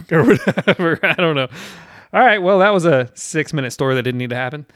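A man's voice: a little high, fairly quick, a bit bright, dry recording, studio quality. A man in his thirties from South Carolina, hosting a casual chat and telling a rambling, profane story with self-deprecating laughs.

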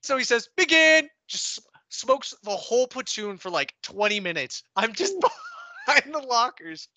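A young man co-hosting a podcast, animated and profane as he tells army stories with laughs. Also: very high-pitched, unhurried, dry recording. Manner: animated storyteller, swears freely, laughs while talking. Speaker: podcast co-host. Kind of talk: casual chat, swapping army stories.

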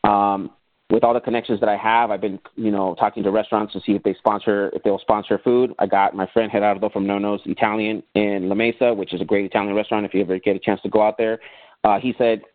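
A man's voice: on the low side, fast talker, no room sound. A man telling stories as a podcast guest, animatedly acting out remembered conversations in a casual interview. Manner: animated storyteller who acts out remembered conversations. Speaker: podcast guest, business owner. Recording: tinny phone-like sound, dry.

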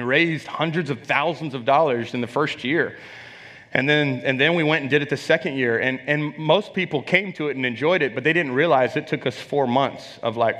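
A man with a medium-pitched, slightly bright voice preaches a sermon, recounting his own testimony in an emphatic, conversational style. He often repeats phrases and poses questions to the congregation. The recording carries a long hall reverb.

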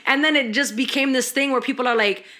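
Her voice sits high and she talks at a quick pace: a young podcast host telling animated stories in casual chat, swearing heavily and using lots of slang.

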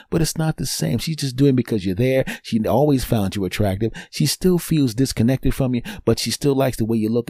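A man's voice: no room sound, studio quality. A man hosting a podcast, talking casually to the listener and coaching him through a story. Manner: talks the listener through a story, then plays the cheater's apology low and soft; coaching, uses sports metaphors. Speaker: podcast host. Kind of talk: casual monologue.

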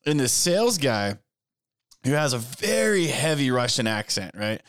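A man hosting a podcast who tells stories in a rambling way, full of fillers, and gets animated as he goes. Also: mid-range voice, moderate pace. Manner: rambling, lots of fillers, animated when telling a story. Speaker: podcast host. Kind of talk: casual podcast conversation, storytelling.

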